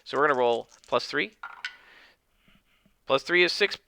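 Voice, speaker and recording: A man's voice: medium pitch, expressive, measured pace, creaky, sharp tone, a little hiss or hum. A man narrating a solo tabletop game and thinking aloud as he goes, with many fillers.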